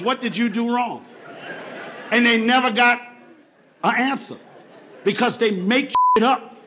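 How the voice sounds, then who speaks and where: A male stand-up comedian on a club stage, loud and swearing, acting out both sides of arguments. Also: high-pitched. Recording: live club recording with crowd noise.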